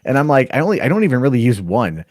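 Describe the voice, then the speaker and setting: A man co-hosting a podcast who talks in an animated, self-deprecating way during casual chat. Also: mid-range voice, rapid-fire, no room sound, studio quality. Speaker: podcast co-host.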